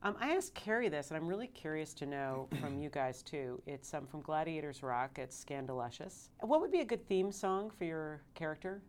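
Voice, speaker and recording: A woman's voice: sits low, animated, normal speed, few pauses, a little hiss or hum. A woman hosting a podcast, chatting casually with guests, teasing and laughing often. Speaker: podcast host. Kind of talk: casual chat.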